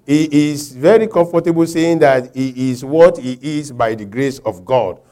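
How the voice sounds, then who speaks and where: A Nigerian man preaching a sermon, telling a personal story with laughter and shouted quotes. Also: mid-range voice, unhurried.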